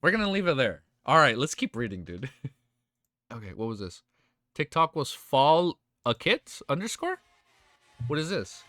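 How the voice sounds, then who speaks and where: A man live-streaming his reactions, excitable and hyped, with casual slang and swearing. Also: on the high side, moderate pace, pauses often, no echo. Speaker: streamer reacting to a web novel.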